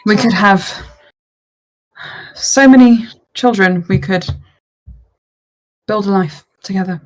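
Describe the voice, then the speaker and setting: A woman playing a tender young man in love, talking in a warm, dreamy way. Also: medium pitch, slow, natural voice, poor audio.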